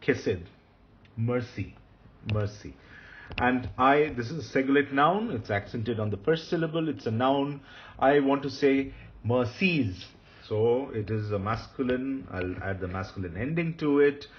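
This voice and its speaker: A man giving a recorded grammar lesson, explaining step by step and repeating each term slowly. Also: mid-range voice. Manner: methodical, repeats terms slowly. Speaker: Hebrew grammar teacher. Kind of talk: recorded lecture. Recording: dull lo-fi sound with faint hiss.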